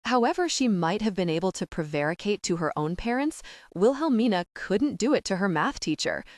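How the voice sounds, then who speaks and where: A woman narrating a young-adult audiobook in an animated, characterful storytelling manner. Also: medium pitch, fairly quick, no echo, studio quality. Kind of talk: scripted narration.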